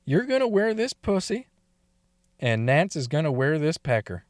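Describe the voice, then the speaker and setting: A man's voice: on the high side, sing-song, moderate pace, no room sound, clean studio sound. A man doing a bossy, blunt woman. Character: bold, bossy young woman giving orders.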